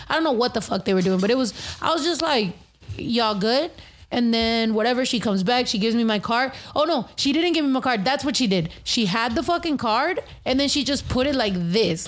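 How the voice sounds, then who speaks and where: A young woman with a slightly high voice tells a story on a casual talk show. She rants fast and profanely, jumping into dramatic reenactments of what people said.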